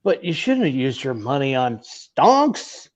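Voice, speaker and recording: A man's voice: medium pitch, sing-song. A man on a casual podcast, speaking in a mocking tone. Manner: mocking, slow and drawling. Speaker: podcast co-host.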